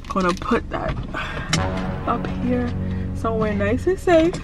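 A woman vlogging casually from her car, talking fast and slangy as she plans and stages a prank argument with her husband. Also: fairly high pitch, over music, poor audio. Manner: animated, slangy, quick. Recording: road noise in a car.

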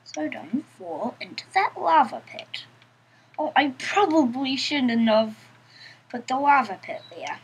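A woman's voice: high-pitched, big pitch swings, takes it slowly, slight background noise, low-quality recording. A woman giving casual let's-play commentary, chatting to herself in a playful, giggly way. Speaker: gameplay commentator.

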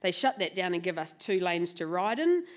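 A woman telling a true story live to an audience, lively and laughing often, swearing casually. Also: lowish voice, normal speed. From New Zealand. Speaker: motorcycle club president and storyteller.

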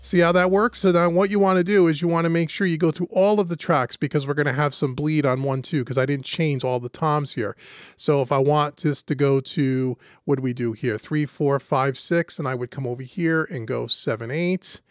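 A man with a fairly high voice walks through a software tutorial step by step, in a relaxed, conversational way. His voice is close and dry, with no room sound around it. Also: normal speed, dry recording. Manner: casual, step-by-step walkthrough. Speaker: host and instructor. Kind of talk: screen-recorded software tutorial.

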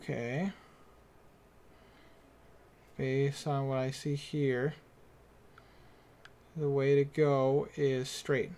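A man's voice: mid-range voice, level tone, extremely slow, pauses often, a little mellow. A man giving nervous, muttering commentary as he plays through a horror game on his channel, speaking into a desk microphone. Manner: nervous, jumpy, muttering to himself. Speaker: gaming channel host.

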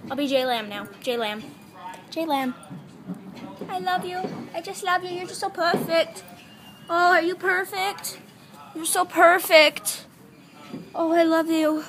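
Gushing high-voiced woman cooing at lambs. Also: unhurried, fairly bright tone. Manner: gushing, doting, affectionate. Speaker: vlogger on a farm visit. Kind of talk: casual vlog, cooing baby talk to lambs. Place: outdoors on a farm.

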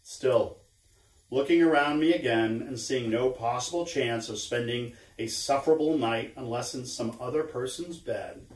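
A man giving a measured, expressive public reading of a novel in a museum hall. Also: mid-range voice. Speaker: volunteer reader. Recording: roomy and far from the mic.

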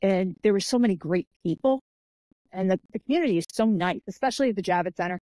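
Speaking quickly at medium pitch with no echo, this author and martial artist is a guest on an interview podcast. She tells animated stories, voicing the people in them, and fills her chatty delivery with "like" and "I'm like."

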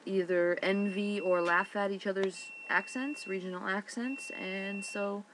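A woman's voice: mid-range voice, steady tone, unhurried, a bit bright, a little hiss or hum, low-quality recording. A young woman from Massachusetts with a Boston accent, vlogging casually and bluntly with plenty of ums and offhand swearing. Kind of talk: casual webcam vlog, reading a word list aloud.

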